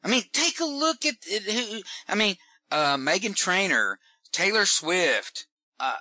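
Animated male talker, slightly high voice, dry close recording, loose rambling chat. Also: a little slow, no room sound. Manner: animated, rambling with restarts and asides. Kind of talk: casual chat.

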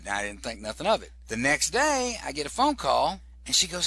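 Bright-voiced man telling a rambling story. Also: fairly high pitch, huge pitch swings, a little fast, hardly any pauses, slight background noise. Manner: rambling, repeats words for comic effect. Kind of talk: casual storytelling.

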